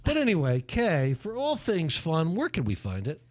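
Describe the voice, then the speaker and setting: A Philadelphia host trades playful morning-show banter, joking with theatrical flair and rapid asides. His voice is fairly high and swings hugely in pitch.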